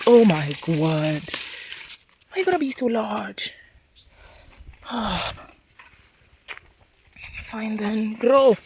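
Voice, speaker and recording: A young homestead farmer gives a casual vlog-style walking tour of her outdoor vegetable garden, exclaiming at her crops and calling out to her dogs, whom she alternately scolds and coos at. Animated and exclamatory, she speaks slowly at a medium pitch with long pauses, over a little hiss or hum.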